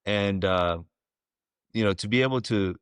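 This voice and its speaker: A man in his forties, a former ballplayer, telling stories as a podcast guest in a relaxed, rambling way with plenty of fillers. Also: on the low side, a little slow, clean tone, dry recording, studio quality. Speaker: guest, former pro baseball player. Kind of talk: casual storytelling interview.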